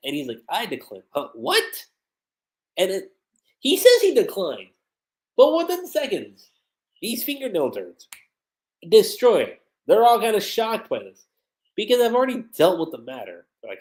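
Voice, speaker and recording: A man's voice: on the high side, wildly swooping pitch, measured pace, poor audio. A man giving a casual livestream review of an anime episode, retelling scenes and quoting the characters.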